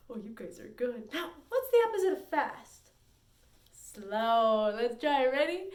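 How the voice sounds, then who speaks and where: A woman's voice: high voice, sing-song, slow pace, a bit bright, roomy sound. A woman leading a children's story time as librarian, with a bubbly, sing-song, playful way of talking. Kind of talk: virtual story time for kids.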